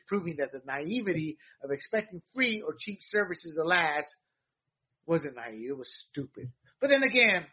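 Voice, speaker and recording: A man's voice: a little high, fairly bright tone, husky, lo-fi sound. A man hosting a news rundown show, delivering emphatic opinionated commentary that rambles with fillers and restarts.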